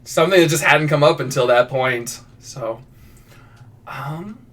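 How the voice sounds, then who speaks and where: This fiction writer's voice is a little high, a little slow, and a bit bright as he live-streams his writing. He wanders casually through viewer prompts with plenty of restarts and jokes at his own expense, sitting somewhat back from the microphone.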